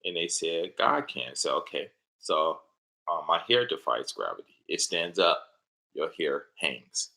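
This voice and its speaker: A middle-aged man, a father and teacher, telling rambling, animated stories in casual chat and laughing at his own anecdotes. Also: a bass voice, measured pace, gravelly, rough recording. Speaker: father, teacher living in Japan.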